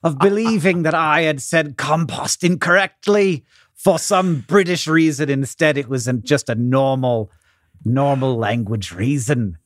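A man co-hosting a casual podcast, expressive and quick to laugh and react. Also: fairly high pitch, no echo, clean studio sound. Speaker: podcast co-host. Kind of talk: casual chat.

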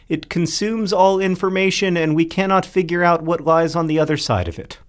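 A man's voice: on the high side, animated, a little fast, hardly any pauses. A man in his forties co-hosts a podcast with wry, dry humor. He chats casually and often laughs as he talks. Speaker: podcast co-host. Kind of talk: casual chat with comic sponsor reads.

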